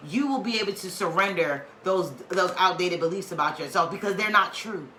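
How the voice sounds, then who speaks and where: A woman with a bright, forward voice gives a casual spiritual reading, preaching with emphatic slang and playful asides. She sounds like she is in an echoey room with faint noise behind her. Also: on the low side, expressive, brisk. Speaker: spiritual tarot reader.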